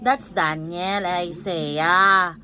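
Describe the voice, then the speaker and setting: A woman's voice: fairly low pitch, fairly even intonation, drawn-out words, sharp tone, rough recording. A woman with a Filipino accent cooing affectionately to a toddler in a casual home video. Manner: cooing, affectionate baby talk. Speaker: caregiver filming a toddler.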